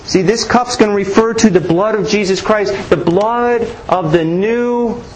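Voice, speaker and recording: A man's voice: high voice, measured pace, a little mellow, slight background noise, low-quality recording. A man preaching a Bible teaching sermon, asking rhetorical questions and often restarting his sentences.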